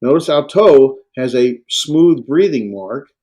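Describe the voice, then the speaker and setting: A man lecturing on Greek to a class, halting and full of fillers and self-corrections. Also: medium pitch, lively intonation, darkish tone. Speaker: Greek instructor.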